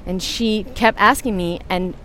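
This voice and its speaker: A woman's voice: medium pitch, unhurried, fairly bright tone, a little hiss or hum. A woman in her forties telling a personal story as a motivational podcast host, earnest and emphatic, speaking straight to her listeners.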